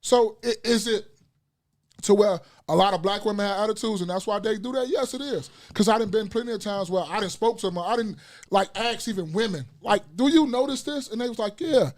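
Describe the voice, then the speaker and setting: A man's voice: high voice, brisk. A middle-aged man as a podcast guest in casual chat, blunt and profane, telling stories animatedly.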